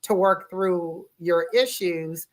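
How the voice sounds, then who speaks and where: A woman's voice: fairly low pitch, slow. A woman hosting a marriage talk, who also coaches couples, affirming her guests with frequent interjections. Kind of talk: hosted conversation.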